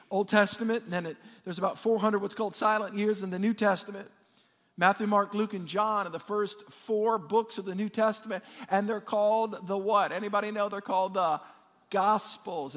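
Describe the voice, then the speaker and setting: Pastor, male, high voice, energetic preaching with call-and-response, long hall reverb. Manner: energetic, repeats words, asks the congregation to respond. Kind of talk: sermon. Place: church sanctuary.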